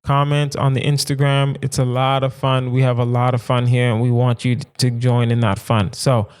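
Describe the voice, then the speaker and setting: Emphatic comedian riffing solo, smooth clear voice. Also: male voice, medium pitch, moderate pace. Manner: animated, emphatic riffing with repetition. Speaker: podcast host. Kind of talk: solo comedic podcast monologue.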